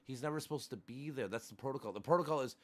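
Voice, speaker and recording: A man in casual chat, insistent and cursing as he argues his side. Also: mid-range voice. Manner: fast-talking, insistent, swears freely.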